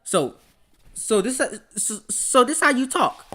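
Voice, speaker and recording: Man, podcast host, bright tone, animated, stammering repeats, casual rant. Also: extremely high pitch, takes it slowly. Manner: rants, laughs often. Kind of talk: casual livestream chat.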